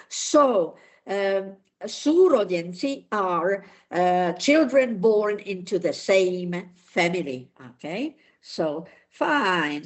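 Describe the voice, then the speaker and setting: A woman teaching a language class at an unhurried pace. She explains patiently and pauses often on fillers. Her voice sits at an ordinary middle pitch. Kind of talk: classroom lesson.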